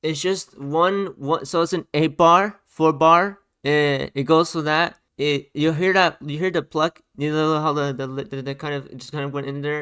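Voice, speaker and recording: A man giving a casual, animated rant about a song's production, often repeating himself as he points out sounds in the track. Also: fairly high pitch, moderate pace, hardly any pauses, clean tone. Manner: animated, repetitive, talks over playing song. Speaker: music reaction youtuber. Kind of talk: casual ranting commentary over music. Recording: music under the voice. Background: music playing.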